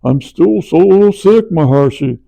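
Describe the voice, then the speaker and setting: A man putting on the voice of a sickly young man who whines slowly about being ill, quoting him in an anecdote. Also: a little high, expressive, creaky, dark tone, voice pushed up, poor audio. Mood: whining. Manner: slow, drawn-out whining.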